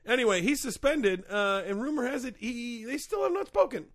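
A man's voice: very high-pitched, expressive, a little fast. A man co-hosting a comedic podcast in casual chat, rambling and hedging with lots of fillers. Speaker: podcast co-host.

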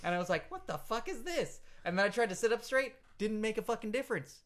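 A man's voice: high voice, very animated, fast, fairly bright tone. A man co-hosting a comedy podcast, self-deprecating and joking, swearing casually. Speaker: podcast co-host.

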